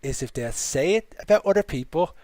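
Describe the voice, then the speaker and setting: A man's voice: a little high, expressive, fairly quick, a little mellow, no echo. A man hosting a podcast interview who asks long questions and eagerly agrees with his guest. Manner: eager, affirming. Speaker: podcast host.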